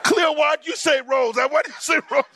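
A man pastor preaching a sermon through animated storytelling, with shouted punchlines and laughter along the way. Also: very high-pitched, normal speed, heavy background noise.

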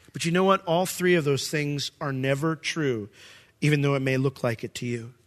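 A man preaching a sermon as pastor, reading scripture and acting out the quoted voices with big jumps in pitch. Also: bright, forceful tone.

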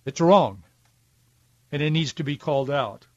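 A man's voice: on the high side, expressive, a little slow, a little mellow, no echo, lo-fi sound. A man hosting a podcast, delivering an emphatic, preachy political commentary monologue. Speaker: podcast host.

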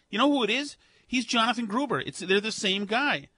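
A man's voice: high voice, expressive, moderate pace, bright, forceful tone, no echo. A man speaking as a guest on a talk radio show, sarcastic and heated. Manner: sarcastic, heated political commentary.

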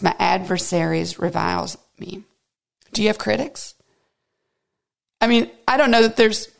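A woman leading a devotional study of scripture in an earnest, intimate way. Her voice sits in a middle register with a touch of fry, and she often drops to a hushed near whisper to press a point home. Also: medium pitch. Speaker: Bible teacher. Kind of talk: devotional Bible teaching.

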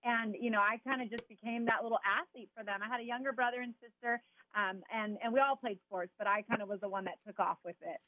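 A woman from Southern California, a former softball player, talking easygoing as an interview guest with lots of "you know" and "um". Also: on the high side, steady tone, quick pace, narrow, tinny audio. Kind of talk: casual interview chat.

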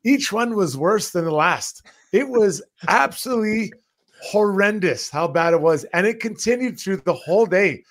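Man, co-host, laughing storyteller, casual banter, slightly higher voice. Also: normal speed. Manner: animated storyteller, laughing often. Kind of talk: casual chat.

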